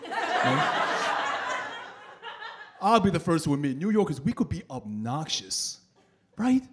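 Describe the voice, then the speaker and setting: A man doing a loud, animated stand-up set in the back room of a bowling alley, working the crowd. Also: a little high, takes it slowly, noisy background. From New York. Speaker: stand-up comedian.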